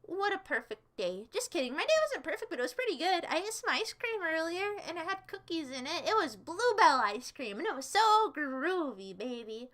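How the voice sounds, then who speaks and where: A woman's voice: very high voice, sing-song, normal speed, few pauses, pushed and bright. A young woman streaming and chatting casually, playful and teasing with her viewers. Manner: playful, teasing, jokey asides. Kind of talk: casual chat with live chat.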